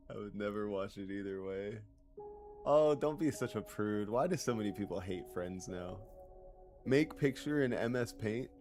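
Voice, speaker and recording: A man's voice: fairly low pitch, darkish tone. A man streaming a game, chatting casually and reading chat aloud in a loose, joking, profane way.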